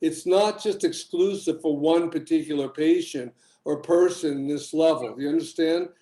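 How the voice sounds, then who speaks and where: A man's voice: a little high, normal speed, warm tone, roomy sound. An older man, a healing practitioner, telling stories in a rambling, casual podcast conversation.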